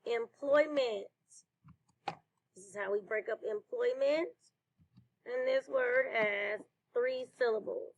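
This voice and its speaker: A woman teacher leading a slow phonics lesson for children, praising answers. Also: on the high side, dull audio. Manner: slow, clear classroom delivery with praise.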